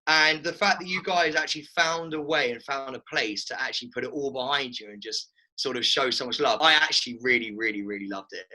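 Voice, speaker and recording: A man hosting a casual chat, jokey and animated, telling stories. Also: medium pitch, fairly quick, hardly any pauses, rough recording. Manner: animated, jokey, tells stories with put-on quotes. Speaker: host.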